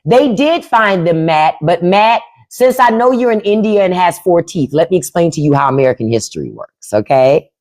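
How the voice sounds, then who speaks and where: Hosting a podcast as a livestream from home, a woman delivers an unfiltered political rant with blunt, profane opinions while answering her chat. Her voice is fairly low, darkish, and expressive, at a moderate pace with hardly any pauses.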